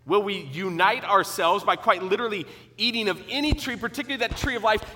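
A middle-aged man preaching a sermon, earnest and emphatic, teaching with pauses and restarts. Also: high-pitched, sharp tone, a little hiss or hum. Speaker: pastor.

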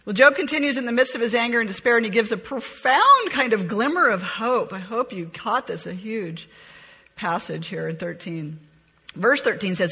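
A woman's voice: a little high, lively intonation, normal speed, sharp tone, slightly rough, in a large hall. A woman leading a conversational Bible study, reading scripture aloud with expression and then musing on it in a chatty, reflective way. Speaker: Bible teacher.

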